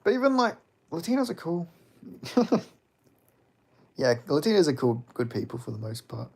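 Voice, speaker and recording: A man's voice: fairly high pitch, sing-song, normal speed, creaky, darkish tone, slightly rough. A young man chatting casually on a livestream, rambling and reading out comments, with lots of fillers and swearing. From Australia. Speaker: streamer.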